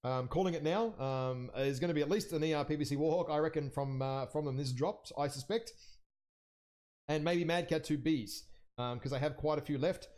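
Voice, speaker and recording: A young man casts an online game league match live, thinking aloud in a chatty, rambling way. His voice is a little mellow at a moderate pace, but it jumps higher whenever something surprises him.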